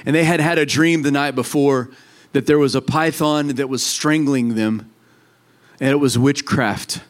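A man's voice: medium pitch, fairly even intonation, measured pace. A man preaching a sermon as a pastor, earnest and fervent.

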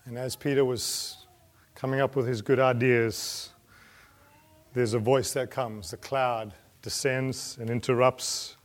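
A man preaching a sermon in an earnest manner, building to emphatic peaks and then dropping his voice low. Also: flat delivery, takes it slowly.

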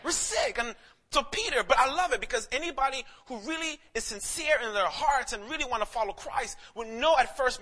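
A male pastor preaching a casual, animated sermon, swinging from shouts to hushed lines and calling listeners man. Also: extremely high pitch, brisk. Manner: casual street talk, calls listeners man.

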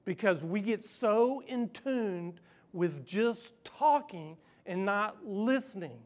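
Male pastor preaching, earnest, goes loud then drops way quiet almost whispering. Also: sits high, lively intonation, slow pace. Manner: earnest, swings from loud emphasis to hushed near-whisper. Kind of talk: sermon.

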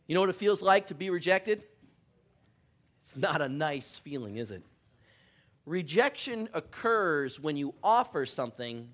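His voice runs on the high side with a fairly bright tone. A middle-aged male pastor in a church sanctuary, he keeps his sermon casual and jokey, chatting away, laughing a lot, and teasing himself.

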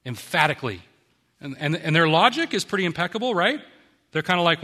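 A man's voice: on the high side, big pitch swings, fast, pushed and bright, big-room sound. A man preaching a sermon, reading scripture aloud and then explaining it in a conversational, emphatic way. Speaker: pastor.

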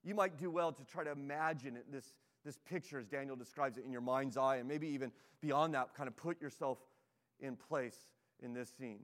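A man's voice: medium pitch, normal speed, a bit bright, big-room sound. A man preaching a sermon as pastor, earnest and emphatic, pleading with his listeners and reading scripture aloud.

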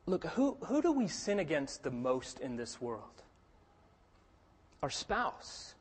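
A man preaching a sermon, earnest, moving between hushed storytelling and forceful emphasis. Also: a little high, sing-song, moderate pace, slightly rough, in a large hall.

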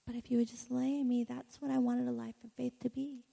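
A woman quoting God as a gentle, patient male voice, speaking softly and at times in a whisper. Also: on the high side, flat delivery, brisk, gravelly, breathy edge, full character voice. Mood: soothing. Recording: echoey hall reverb.

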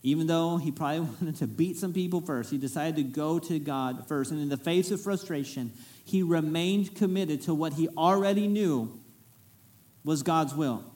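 A man delivers a casual, storytelling sermon. His voice sits high for a man, and he keeps it folksy and lively, breaking in with joking asides to the congregation. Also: normal speed. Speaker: pastor. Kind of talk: conversational sermon.

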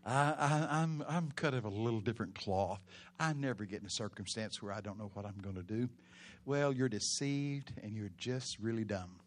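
A pastor preaching a sermon in a church, telling stories with animated, loud bursts. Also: male voice, lowish voice, moderate pace.

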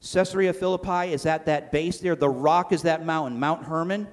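Pastor, male, slightly high voice; conversational sermon delivery with animated quoted lines. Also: normal speed. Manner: conversational preaching, acts out quotes with shifting volume.

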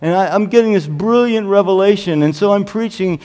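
A man's voice: sits high, fairly quick. A male pastor telling self-mocking stories in a sermon. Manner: self-deprecating, animated anecdotes. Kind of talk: humorous sermon storytelling. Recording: reverberant hall.

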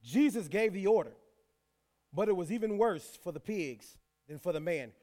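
Man, sermon, higher voice, repeats lines for emphasis, folksy asides. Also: expressive, moderate pace, mellow. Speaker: pastor. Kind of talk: sermon with scripture reading.

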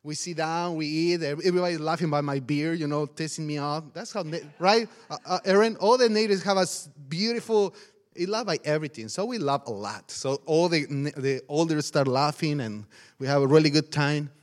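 A pastor tells his testimony with animated energy, often breaking into laughter. His voice sits a bit high for a man. His English has non-native phrasing and grammar. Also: fairly quick. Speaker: pastor and missionary. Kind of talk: storytelling testimony.

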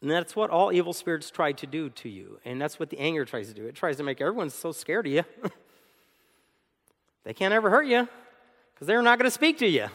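A man preaching a sermon as co-pastor, animated, acting out arguments and laughing often. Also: fairly high pitch, fairly quick, pauses often, in a large hall.

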